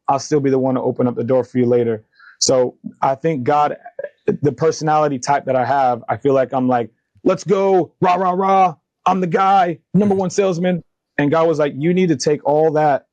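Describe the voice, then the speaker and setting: Thirties guy, podcast guest, earnest and animated, acts out the convos, medium voice, dry close mic. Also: mid-range voice, no room sound. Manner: earnest, animated retelling of dialogue, faith-driven. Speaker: podcast guest, company founder. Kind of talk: candid interview storytelling.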